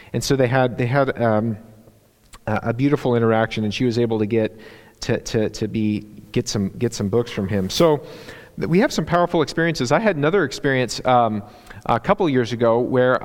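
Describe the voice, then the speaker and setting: A man delivers a sermon as a guest preacher in a church. His voice sits at an ordinary pitch, and he talks haltingly, full of ums and restarts. The recording carries a long reverb from the sanctuary. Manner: halting, many fillers and restarts. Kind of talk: sermon with personal stories.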